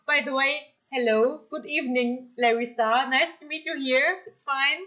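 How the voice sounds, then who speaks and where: High bright German-accented woman streamer. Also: moderate pace, hardly any pauses, lo-fi sound. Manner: chatty, reads chat comments aloud, apologetic and excitable. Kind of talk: casual live-stream chat.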